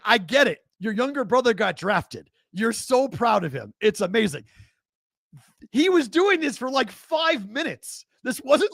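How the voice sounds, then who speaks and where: A man's voice: very high voice, gravelly, dry recording, studio quality. A man with a Boston accent hosting a live sports talk show, ranting in disbelief and laughing as he talks. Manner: incredulous, animated ranting with laughs. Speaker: host.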